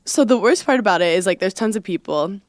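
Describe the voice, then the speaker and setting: A young woman co-hosting a chat podcast. Her voice sits at an ordinary pitch, and it is heard close and dry with no room sound. She tells a long story in an animated way, laughing often and acting out what people said. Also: fast, no room sound. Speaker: podcast co-host.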